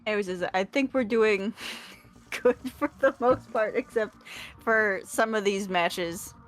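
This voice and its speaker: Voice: mid-range voice, measured pace, fairly bright tone. A co-player chatting casually during a game, teasing and joking. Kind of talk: casual chat while gaming.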